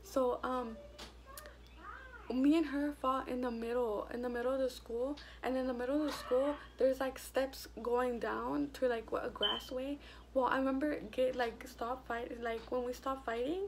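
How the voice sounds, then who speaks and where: Profane young woman with a gravelly edge. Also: high-pitched, moderate pace, slight background noise. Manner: blunt, profane and animated. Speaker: vlogger. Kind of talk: casual storytime.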